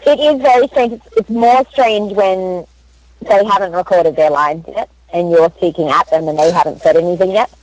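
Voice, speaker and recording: A young Australian woman, a voice actress, chatting in an interview and telling stories in an animated, laughing way. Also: on the low side, normal speed, no echo, muffled recording. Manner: chatty, animated storyteller who laughs often. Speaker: voice actress guest. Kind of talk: casual interview chat.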